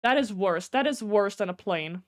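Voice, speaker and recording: A woman's voice: medium pitch, lively intonation, normal speed. A young woman streaming live, chatting casually with viewers, rambling, swearing freely and greeting people in chat by name.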